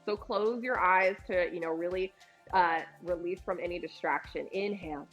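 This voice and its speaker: A woman's voice: on the low side, moderate pace, lo-fi sound, faint music behind. A young woman, a personal trainer, guiding a postpartum core workout and cueing breaths while she does the moves herself, her voice a little strained from the effort. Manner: encouraging, cues breathing while exercising. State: slightly strained from exercising.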